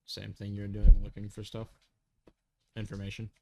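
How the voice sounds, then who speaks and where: A laid-back former snoop, played by a man in a tabletop game. He talks relaxed and casual with a light joking edge, in a fairly low voice. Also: moderate pace, gravelly, a little hiss or hum. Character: wary male ex-professional snoop, laid-back.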